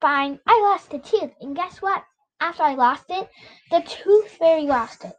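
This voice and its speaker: A small, silly five-year-old girl chatters in a high, lilting voice, rushing through her news. A woman puts her on while reading a storybook aloud. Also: animated, a bit bright, full character voice, low-quality recording. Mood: excited.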